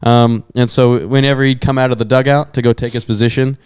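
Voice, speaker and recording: A man's voice: medium pitch, level tone, a little fast, a little mellow, clean tone, no room sound, studio quality. A young man telling a long story to his podcast co-hosts, full of fillers and asides. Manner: rambling storyteller with many fillers. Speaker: podcast co-host. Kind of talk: casual chat.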